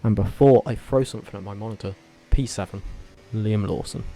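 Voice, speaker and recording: A man vlogging casually, talking in a rambling, animated way with frequent self-corrections and tangents. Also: on the low side, brisk. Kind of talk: casual opinionated commentary.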